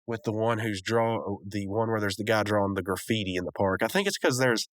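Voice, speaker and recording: A man's voice: lowish voice, a little fast, no room sound, studio quality. A man hosting a podcast, giving a rambling, casual recap and review of a cartoon episode, with lots of fillers and restarts. He sounds a bit sick.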